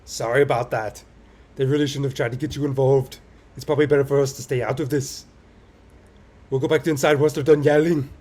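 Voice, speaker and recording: A man's voice: medium pitch, steady tone, a little fast, a little mellow, close to an everyday voice. A man doing a cheerful club president girl. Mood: friendly.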